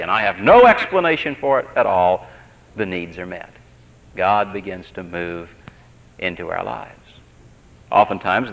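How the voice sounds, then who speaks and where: A man's voice: fairly low pitch, a bit bright. A man giving a sermon as pastor, earnest and conversational, repeating phrases as he tells stories. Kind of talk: sermon with personal storytelling. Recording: dull lo-fi tape recording.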